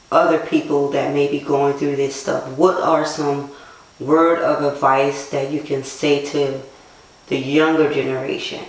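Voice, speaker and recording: A man interviewing a guest, speaking slowly with hesitant pauses. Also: fairly high pitch. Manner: slow and even, with hesitant fillers. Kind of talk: interview questions. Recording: distant mic, very echoey room.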